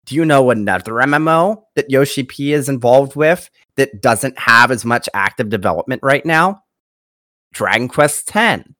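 A man co-hosting a gaming podcast in casual chat, excitable and repeating himself as he builds a theory. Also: medium pitch, a little slow, no room sound, studio quality. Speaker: podcast co-host.

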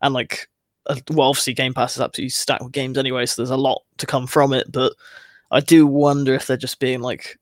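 A man's voice: medium pitch, little pitch movement, quick pace, dry recording, studio quality. A man co-hosting a podcast in laid-back, chatty casual talk. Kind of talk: casual chat.

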